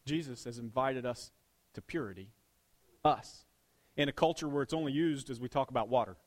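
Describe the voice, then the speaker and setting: A man preaching a sermon to his congregation, joking one moment and dropping to a near hush the next. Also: medium pitch, fairly quick. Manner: swings between punchy loud lines and hushed intimate ones. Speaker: pastor.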